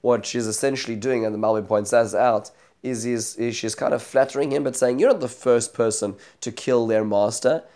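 A man's voice: medium pitch, moderate pace, darkish tone. A man teaching a Bible study lesson, retelling the chapter as a story, voicing the quoted speakers, with many fillers and restarts.

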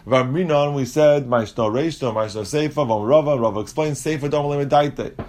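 A man's voice: a little fast, slight background noise. A man teaching a Talmud lesson, explaining step by step and mixing English with Aramaic and Hebrew terms. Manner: animated, jumps in pitch when acting out quotes.

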